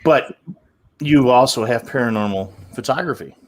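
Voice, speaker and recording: A man's voice: mid-range voice, normal speed, slight background noise. Man co-hosting a casual chat. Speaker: podcast co-host.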